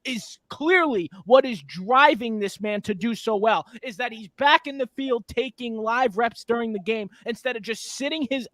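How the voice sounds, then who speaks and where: A man's voice: very high voice, a bit bright, dry recording. A man co-hosting a sports talk show, talking emphatically and getting fired up.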